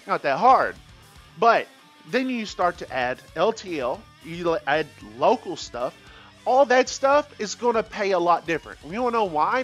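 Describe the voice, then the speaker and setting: A truck driver vlogger rambling in a folksy, joking way through a casual opinion rant. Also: male voice, high-pitched, fairly bright tone. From Texas.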